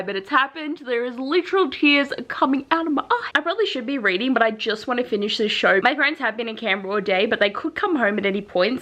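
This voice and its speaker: A young woman with an Australian accent chats straight to camera in a bright, high-pitched voice. She talks in an easy, gushing way, scattering "like" through her sentences as she vlogs. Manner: chatty and gushing, peppered with "like". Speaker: vlogger. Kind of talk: casual chat to camera.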